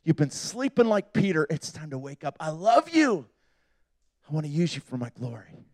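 A man voicing God as a male figure, speaking in a hushed, slow, pleading way within a sermon. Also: on the high side, sing-song, dry recording, clean studio sound. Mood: tender. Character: God, a male voice, tender and solemn.

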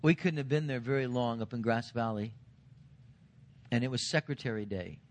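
A middle-aged senior pastor preaching a sermon, earnest, building to emphatic points and dropping quiet for stress. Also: male voice, normal speed. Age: 40s or older. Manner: earnest preaching, rising to emphatic lines then dropping low.

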